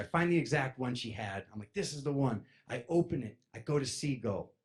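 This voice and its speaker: Young dude telling a story, super animated, voice bouncing all over, does everyone's voices. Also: male voice, fairly quick, few pauses. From East Coast of the United States. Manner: lively, acts out friends' voices, jumps loud and high then drops to a mutter. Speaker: speaker telling a personal story.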